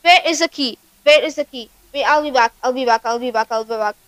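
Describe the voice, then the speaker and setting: A woman with a high voice commentates her own horror game run. She talks to her viewers in a panicky rush and swears constantly. It sounds like a desk mic while gaming. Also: fast talker. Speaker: gaming channel host.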